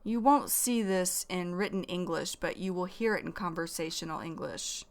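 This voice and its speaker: A woman teaching English vocabulary slowly and clearly, repeating each new word. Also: fairly low pitch. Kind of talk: slow vocabulary lesson.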